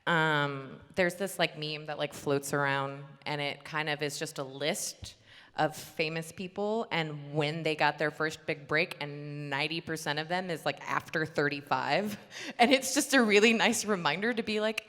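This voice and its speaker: A bubbly woman voice actor talking on a convention panel, her voice bright and lively as she laughs through her stories. She is picked up in a big hall with a long, echoing reverb. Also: sits low, moderate pace. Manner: bubbly, laughing, rambling anecdotes.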